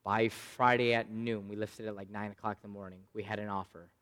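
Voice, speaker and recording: A man's voice: on the low side, fairly quick. Man preaching in a reverberant church. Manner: lively storyteller, jumps between loud bursts and quiet asides. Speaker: pastor. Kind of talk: sermon with personal storytelling.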